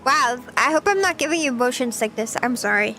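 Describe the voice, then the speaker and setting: A woman's voice: high-pitched, lively intonation, fairly quick, pushed and bright, faint music behind. A young woman streaming casual chat, playful and chatty, often giggling as she reads her chat. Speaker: VTuber streamer.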